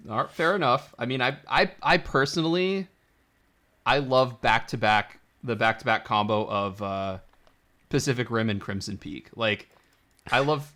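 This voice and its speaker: A man's voice: mid-range voice, normal speed, sharp tone. A man co-hosting a podcast, chatting casually about movies with lots of laughter and quoted lines. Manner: enthusiastic, laughs often, acts out lines in quotes. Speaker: podcast co-host.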